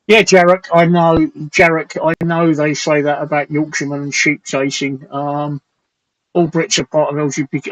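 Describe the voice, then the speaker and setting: A man's voice: on the high side, vocal fry, a bit bright, dry recording, poor audio. A man hosting a casual live stream, loose and rambling, swearing casually as he reads out viewer comments.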